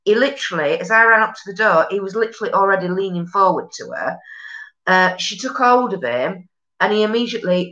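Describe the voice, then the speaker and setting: Chatty low-voiced Yorkshire woman. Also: bright, forceful tone, lo-fi sound. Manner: chatty, rambling, blunt, sweary with broad northern slang. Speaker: live stream host reading viewer comments. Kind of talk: casual chat.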